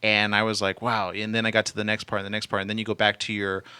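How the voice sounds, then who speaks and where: A man's voice: fairly low pitch, flat delivery, quick pace, pushed and bright, clean tone, dry recording. A man co-hosting a radio talk show, interviewing a guest with short encouraging replies.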